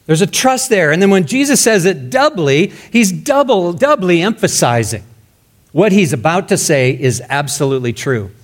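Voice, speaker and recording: A male pastor preaching a sermon emphatically, his voice rising loud and dropping to a hush. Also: high voice, big pitch swings, moderate pace. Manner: emphatic, swinging between loud and hushed.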